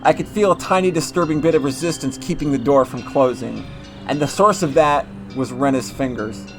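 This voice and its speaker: A man reading a visual novel aloud in measured first-person narration, sometimes restarting a phrase. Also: medium pitch, over music. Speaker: reader.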